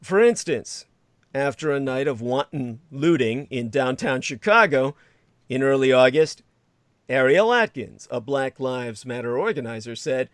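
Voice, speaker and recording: A man's voice: mid-range voice, animated, a little slow, no echo. A man hosting a livestream, rambling in sarcastic commentary with frequent laughter and crude asides. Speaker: livestream host.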